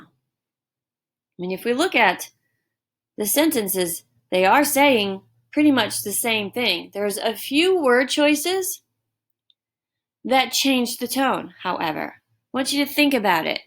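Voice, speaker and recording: A woman teacher giving a recorded lesson, explaining deliberately with emphatic examples. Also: fairly high pitch, animated, a bit bright. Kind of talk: recorded distance-learning lesson. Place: home.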